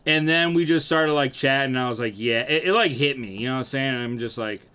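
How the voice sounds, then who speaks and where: A young man casually telling a profane, animated story about himself and acting out what people said. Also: medium pitch, fast talker, clear, resonant tone. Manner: animated, profane, acts out quotes.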